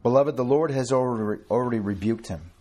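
A man preaching an earnest sermon to a small congregation, quoting scripture and slowing down to stress key words. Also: mid-range voice, mellow. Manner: quotes King James scripture with a chuckle between.

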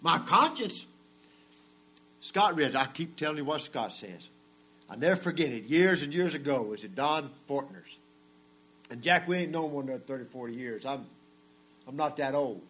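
A man, preaching a sermon and swinging from soft murmurs to loud, drawn-out cries. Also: on the high side, animated, slightly rough. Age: 40s.

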